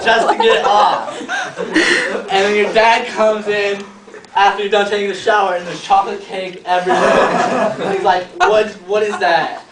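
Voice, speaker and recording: A man's voice: high voice, flat delivery, moderate pace, noisy background. A man doing a crude mock stand-up routine, rambling and asking the audience questions. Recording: echoey room from far off with a laughing audience. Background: audience laughter.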